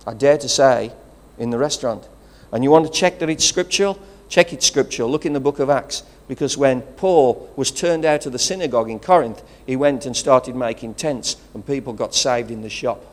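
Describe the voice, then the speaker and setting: A man's voice: mid-range voice, normal speed, hardly any pauses. A man with a regional English accent, preaching a sermon as pastor, rousing and conversational, with calls of praise. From England.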